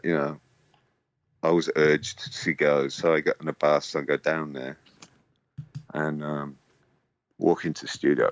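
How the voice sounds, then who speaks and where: A very deep-voiced man tells a loose, sweary anecdote and laughs as he goes. The recording is dry and close, with a dull, lo-fi tone. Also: no room sound. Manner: swears freely, laughs often, acts out others' voices in high tones. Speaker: musician guest. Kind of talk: casual storytelling. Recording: dull lo-fi sound.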